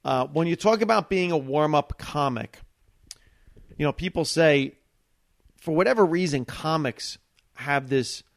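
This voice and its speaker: A man, a stand-up comedian, telling a long anecdote in a casual, animated way, with pauses and acted-out quotes. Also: a little high, no room sound, studio quality. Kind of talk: casual storytelling.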